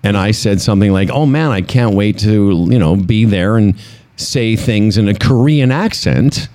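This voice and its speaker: A man's voice: on the low side, moderate pace, a little mellow. A man co-hosting a talk show, joking and self-deprecating in casual banter. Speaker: radio show co-host.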